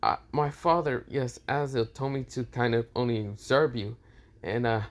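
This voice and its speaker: A man's voice: medium pitch, moderate pace, close to an everyday voice. A man reading the lines of a proud, stubborn young fallen angel woman in a fan story, curt and defiant.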